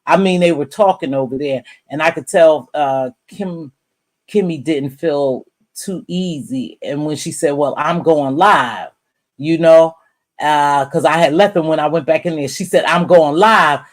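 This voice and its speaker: A woman's voice: deep voice, measured pace. A woman hosting a live stream, giving casual commentary in a blunt, profane, chatty way and greeting viewers by name.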